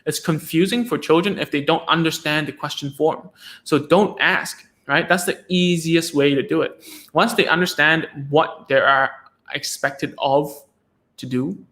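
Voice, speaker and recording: A man's voice: fairly high pitch, a little slow, fairly bright tone. A man hosting a live stream as a speech therapist, talking casually with lots of restarts and tag questions like "right?" and "okay?".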